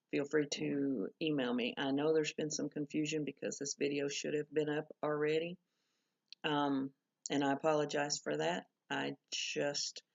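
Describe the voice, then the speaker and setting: A woman's voice: low-pitched, vocal fry. A woman teaching a Spanish class in a recorded video lesson, explaining patiently and correcting herself as she goes. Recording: dull lo-fi recording.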